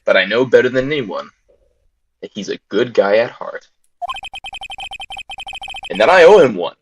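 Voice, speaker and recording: A man's voice: mid-range voice, big pitch swings, a little slow, noisy background. A man voicing a nervous young defense attorney, narrating earnestly while reading a game aloud. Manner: earnest first-person narration. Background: game music.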